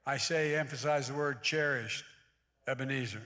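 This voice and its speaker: Speaking on the high side at normal speed, with a pushed, bright voice, an American guest speaker in his eighties addresses a church service, mixing homespun remarks with forceful oratory. Long hall reverb fills the big sanctuary.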